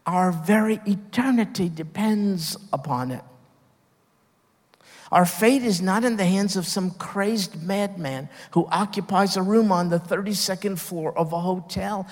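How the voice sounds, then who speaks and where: A man's voice: sits high, slow, long reverb tail. A man preaching a sermon, earnest and emphatic, stopping and restarting as he builds his points. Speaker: pastor.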